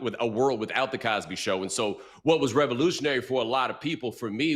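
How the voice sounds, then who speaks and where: A man in his forties speaks as a guest on a news panel. He is measured and analytical, setting out his points one after another in a steady, explanatory way. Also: medium pitch. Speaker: podcaster and guest commentator. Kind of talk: live news panel discussion.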